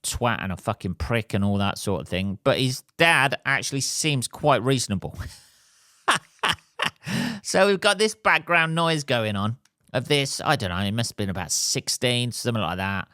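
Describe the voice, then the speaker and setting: A middle-aged man hosting a podcast, telling a story as an animated, sweary rant. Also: medium pitch, moderate pace, smooth, no room sound, clean studio sound. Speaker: podcast host. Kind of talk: casual monologue.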